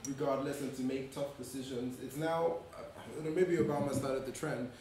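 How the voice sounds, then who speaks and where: A man from Nigeria speaks on a live panel as a writer, thoughtful and halting. His voice sits in the middle range and sounds distant, carried by a very echoey room with faint noise behind it. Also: mid-range voice, steady tone, darkish tone. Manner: thoughtful, many hesitations. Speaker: writer and playwright. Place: museum event space. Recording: echoey room, far from the mic.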